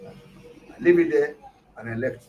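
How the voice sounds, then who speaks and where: A Nigerian man, a pastor, tells his story in an interview, slipping into the voices of the people he quotes. His voice sits somewhat high for a man. He is heard from a little way off the mic, with a faint hum of noise behind him. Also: a little slow, recorded from a distance, narrow, tinny audio. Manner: animated retelling with acted quotes.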